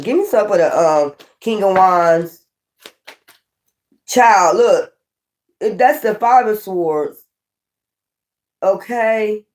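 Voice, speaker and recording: Profane laughing woman reading tarot. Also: medium pitch. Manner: profane, laughing, animated asides to viewers. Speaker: tarot reader.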